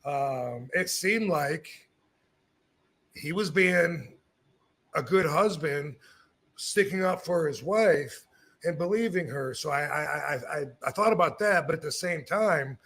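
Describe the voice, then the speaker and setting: A man's voice: a little high, takes it slowly, a bit bright. A man casually telling a rambling, profane story, acting out the quotes. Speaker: podcast host telling a story.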